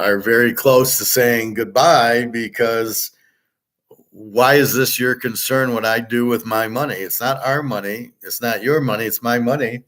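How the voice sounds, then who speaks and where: A man's voice: medium pitch, a bit bright. A middle-aged man talking in a blunt, profane, rambling way, full of fillers, as host of a casual monologue.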